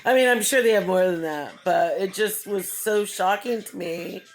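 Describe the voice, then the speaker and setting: A woman's voice: mid-range voice, moderate pace, soft background music. A woman giving a casual vlog update, telling a story in a rambling, chatty way, often laughing and acting out what others said. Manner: acts out other people's lines in the story. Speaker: vlogger.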